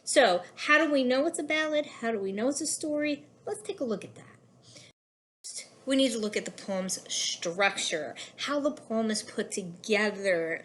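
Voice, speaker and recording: A woman's voice: medium pitch, normal speed, a bit bright. A woman teacher giving a recorded lesson, explaining patiently with a few fillers.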